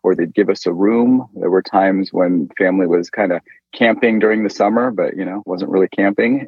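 A middle-aged man from Northern California, an interview guest telling a personal faith story in an animated way and acting out quoted lines. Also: low-pitched, moderate pace, slightly rough, no room sound. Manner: animated storyteller who acts out quoted speech. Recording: dull lo-fi dry sound.

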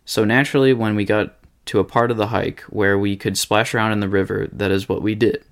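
Low gravelly midwestern guy reading a listener story on a podcast, jokey, swears a lot. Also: little pitch movement, a little fast. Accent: Midwestern American. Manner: joking, swears freely.

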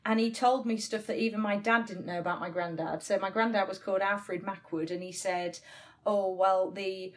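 A woman from the north of England, co-hosting a podcast and telling animated stories in casual chat. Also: mid-range voice, moderate pace. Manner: animated storyteller, laughs often. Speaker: podcast co-host.

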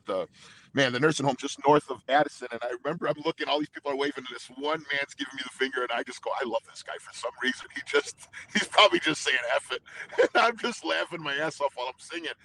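A man, a singer being interviewed, talking intensely and fast with many restarts in casual storytelling. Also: medium pitch, fairly bright tone, poor audio. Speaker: guest singer.

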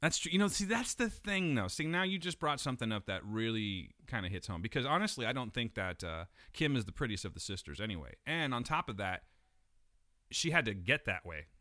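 Bright, lively-voiced joking man. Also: mid-range voice, a little fast, no echo, clean studio sound. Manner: profane, joking, breaks into impressions. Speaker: podcast co-host. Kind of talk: casual chat.

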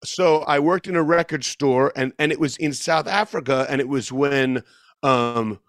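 A man's voice: medium pitch, moderate pace, fairly bright tone, no echo, studio quality. A man in his fifties telling a long story in casual conversation, rambling and correcting himself, laughing as he goes. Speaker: guest musician.

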